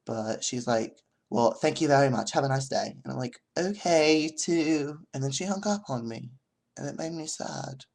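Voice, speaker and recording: A man's voice: mid-range voice, normal speed, gravelly, a little mellow, pitched above the performer's own voice. A young man vlogging who tells a store story in an exaggerated, put-on British accent, rambling and quoting customers. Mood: playful. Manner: rambling, chatty storytelling with quoted dialogue. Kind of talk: comic vlog storytelling.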